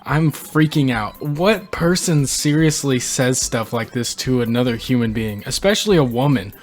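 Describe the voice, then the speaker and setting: A young man hosting a reaction video, reading posts aloud and reacting with animated disbelief. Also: medium pitch, moderate pace, faint music behind. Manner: incredulous, animated, reads quotes aloud and reacts. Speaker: channel host reading posts. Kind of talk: reaction commentary.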